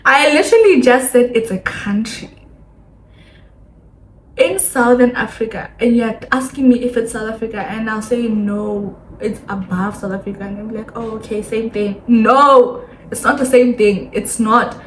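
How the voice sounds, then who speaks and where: A young woman in her twenties, speaking English with a Botswana accent, talks casually to her camera in a sit-down vlog. She is chatty and animated, mimicking the people she talks about. The room sounds echoey, with a faint hum of ambience underneath. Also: a little high, moderate pace. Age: 20s. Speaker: vlogger.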